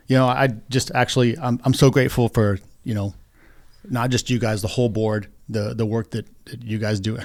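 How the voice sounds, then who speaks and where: A male podcast guest with a fairly low voice. He speaks with earnest gratitude and loose, rambling phrasing, often restarting his sentences. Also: a little mellow, no echo. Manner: earnest, grateful, a bit rambling. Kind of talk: casual podcast conversation.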